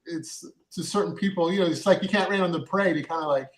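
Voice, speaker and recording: Rambling man telling a story. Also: on the high side. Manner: rambling, halting, with many fillers and restarts. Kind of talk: casual storytelling.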